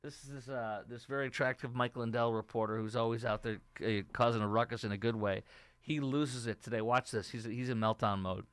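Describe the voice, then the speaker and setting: A middle-aged man hosts his own political talk show and rambles through opinionated commentary while reading out viewer comments. His voice is smooth and resonant. The sound is dry and close, with no room echo. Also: medium pitch, fairly even intonation, brisk.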